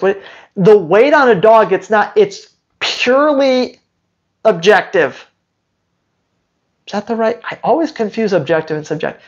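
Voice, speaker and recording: A man's voice: sits high, measured pace, highs cut off. A man who hosts a dog training channel, answering viewer questions live in a blunt, teasing way full of rhetorical questions.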